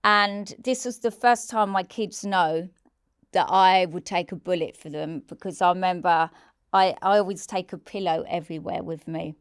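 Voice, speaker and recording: An interview guest in her 40s, with a fairly low pitch and normal speed, tells an emotional personal story candidly and bluntly. She swears a lot and acts out the shouts she quotes. The close recording keeps her smooth, clear voice dry, with almost no room echo.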